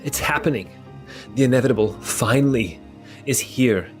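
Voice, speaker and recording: A woman's voice: rumbling low, moderate pace, faint music behind. A man voicing a tearful, zealous female cultist who chants for her god's arrival. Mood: awed. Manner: fervent, chanting. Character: weeping zealous female cultist awaiting doom.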